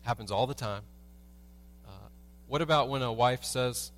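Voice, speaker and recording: A man's voice: medium pitch, measured pace, pauses often, fairly bright tone, slight background noise. A man preaching a sermon as a pastor in a church, telling everyday stories with humor and asking the congregation rhetorical questions. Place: church sanctuary.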